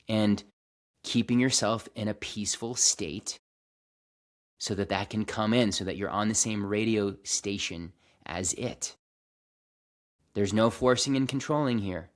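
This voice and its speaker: A man hosting a reflective spiritual monologue, earnest and slow, speaking in a calming way with frequent restarts and some casual swearing. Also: on the low side. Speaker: host.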